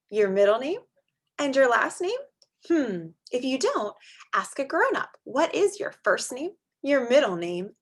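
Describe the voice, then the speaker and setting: Woman, young adult, preschool teacher, sing-song, drawn-out words, patient lesson pace. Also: medium pitch. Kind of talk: remote small-group lesson for young children.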